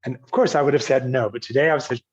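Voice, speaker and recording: An older man from Virginia, here as a podcast guest, recounts a personal story in a loose, self-mocking way, chuckling at his own past. His voice sits at an ordinary middle pitch. The recording sounds a little dull and lo-fi. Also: fast, slightly rough. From Virginia, United States. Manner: anecdotal and self-mocking, quotes others, laughs at himself. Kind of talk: storytelling in a casual interview. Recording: slightly dull, lo-fi audio.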